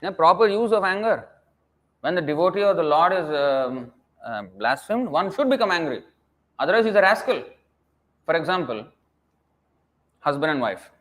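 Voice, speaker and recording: A man's voice: on the high side, sing-song, moderate pace, pauses often, a bit bright. Scolding man preaching a scripture class. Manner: emphatic, scolding, full of rhetorical questions. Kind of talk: scripture lecture.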